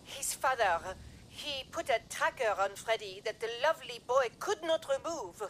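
A woman voicing a sorrowful robot nanny with a French accent, soft and pleading in a video game. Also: high voice, animated, normal speed, a little hiss or hum, rough recording.

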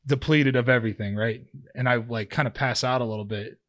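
A man's voice: medium pitch, steady tone, fairly quick, fairly bright tone. Rambling thirty-something man telling stories. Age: 30s. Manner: rambling, filler-heavy, with many restarts and "like". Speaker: podcast guest, former pro football player. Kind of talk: casual storytelling in an interview.

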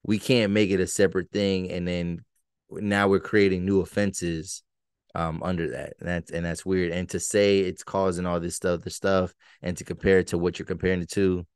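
Fired-up male podcast host, low and dry. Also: flat delivery, moderate pace, smooth, dry recording. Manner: emphatic, choppy, repeats words when worked up. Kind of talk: casual solo podcast commentary.

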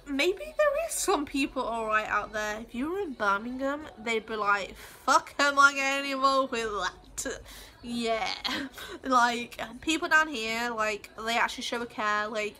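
A woman's voice: on the high side, lively intonation, moderate pace, sharp tone. A woman vlogging in a casual, heated rant, rambling with lots of swearing and fillers. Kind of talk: casual ranting vlog.

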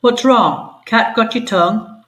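A woman's voice: a little high, unhurried, a bit bright, reverberant, voice pushed up. Woman doing a snappy snarly dog guy, taunting. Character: snarling, touchy male gang dog.

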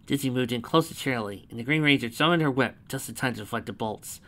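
Bright-voiced man reading fanfiction. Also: mid-range voice, fast. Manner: chatty asides between narration. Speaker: narrator. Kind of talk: reading fanfiction aloud with casual asides.

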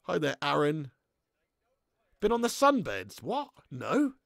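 Brief: young male streamer, very gravelly, slightly high voice, sweary laddish banter. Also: huge pitch swings, slow, no echo, clean studio sound. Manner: laddish banter, swears freely, reads chat aloud, bursts into shouts. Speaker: football watch-along streamer. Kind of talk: live stream chat and commentary.

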